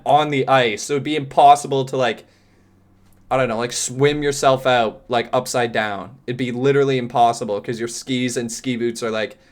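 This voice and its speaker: A young man reacting to a video for his stream viewers. His casual commentary swings into loud, profane exclamations, and his voice sits at an ordinary mid pitch.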